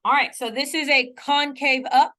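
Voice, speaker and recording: A woman math teacher lectures in a classroom with a high, light voice. She keeps it casual and conversational, poking fun at her own slips. She often pauses to ask whether her students follow along. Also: steady tone, pushed and bright. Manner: chatty, often checks in with students; playful self-mocking asides.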